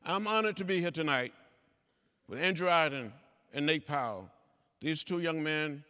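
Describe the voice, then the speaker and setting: A man's voice: a little high, lively intonation, moderate pace, long pauses, pushed and bright, clear, resonant tone. A man in his seventies giving a speech to students in a large lecture hall, with a preacherly cadence and repeated phrases. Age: 70s. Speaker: guest speaker. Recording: reverberant hall sound.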